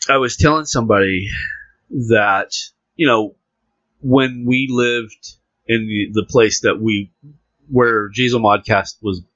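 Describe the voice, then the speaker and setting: A man hosting a casual podcast, laughing often and reading a news story aloud with halting restarts. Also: medium pitch, a bit bright, no room sound. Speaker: podcast host. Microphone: close podcast mic with headphones. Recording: dull lo-fi dry podcast audio.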